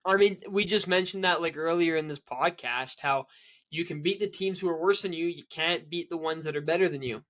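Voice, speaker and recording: A man's voice: on the high side, a little fast, fairly bright tone. A man co-hosting a casual sports podcast, rambling with many restarts and fillers. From Canada. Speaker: podcast co-host.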